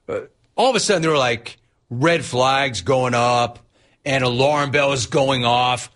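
A man hosting a sports talk radio show, sarcastic and animated as he reads out listener messages and riffs on them. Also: mid-range voice, a little slow.

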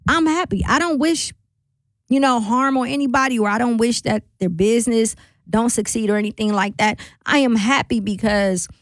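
A woman's voice: on the high side, moderate pace, no room sound. Chatty woman radio host, dry sound. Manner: chatty, laughing, preachy asides. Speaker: radio talk show host. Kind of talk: casual on-air talk. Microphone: studio microphone.

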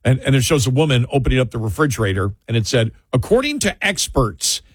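A man's voice: medium pitch, racing, darkish tone, husky, no room sound. A man co-hosting a talk radio show in a studio, chatting casually in a rambling, amused way. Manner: rambling, amused, restarts sentences.

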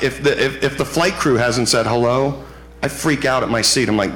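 A male stand-up comedian telling an animated, mock-panicked story in a live comedy routine. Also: medium pitch, moderate pace. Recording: live recording with loud background noise.

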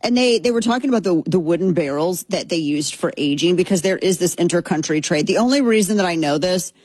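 A woman talks through political news in a loose, conversational way, doubling back on herself and adding wry asides. Her voice is slightly husky, recorded close and dry with no room sound. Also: fairly low pitch, expressive, quick pace, a little mellow, no room sound. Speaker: political commentary host. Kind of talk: casual political commentary.

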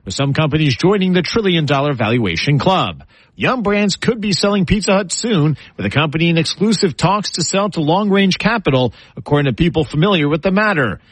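A man reading the news as a radio anchor in a measured, steady newsroom delivery. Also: on the high side, breathy edge, no room sound, low-quality recording. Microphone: studio microphone.

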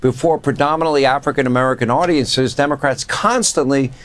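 A man's voice: medium pitch, brisk. Man hosting a cable news talk show. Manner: chatty, amused, conversational.

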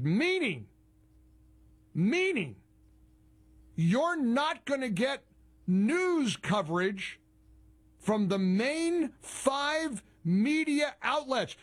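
Sarcastic male talk radio host. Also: very high-pitched. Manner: heavily sarcastic, mocking. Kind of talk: opinionated radio commentary.

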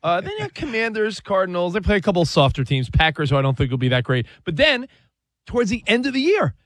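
Animated, higher-pitched man talking sports. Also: quick pace, no echo, studio quality. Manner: animated, rambling, restarts and self-corrections. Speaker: sports talk show co-host. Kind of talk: casual sports debate.

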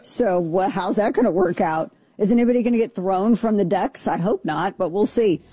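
A talk radio host, a woman, in loose on-air chat who riffs with disbelief and jokes. Her voice is mellow and warm and sits dry and close on a studio mic, with no room sound. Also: mid-range voice, normal speed, husky, no room sound. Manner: incredulous, joking, repeats herself. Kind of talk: casual on-air commentary.

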